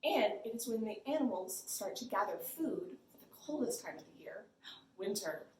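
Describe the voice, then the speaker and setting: A woman's voice: mid-range voice, lively intonation, normal speed, darkish tone, a little hiss or hum. Bubbly woman librarian in echoey room. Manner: bubbly, sing-song, exaggerated. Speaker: children's librarian. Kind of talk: storytime for young children.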